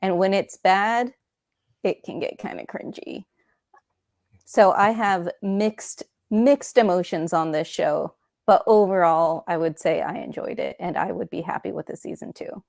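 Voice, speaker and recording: A woman who is a guest on a podcast, giving her opinions in a measured way. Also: lowish voice, gravelly, a little mellow, no echo, studio quality. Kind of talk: casual podcast chat.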